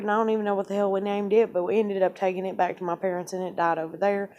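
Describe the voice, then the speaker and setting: A woman's voice: medium pitch, little pitch movement, quick pace, darkish tone. Young woman, casual rambling storyteller, swears a lot, quotes conversations. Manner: rambling, swears often, tells events through quoted speech.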